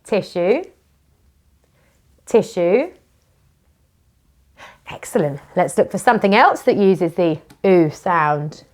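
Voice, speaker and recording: A British woman teaching children phonics, with a slow, sing-song and encouraging manner. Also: on the low side, expressive.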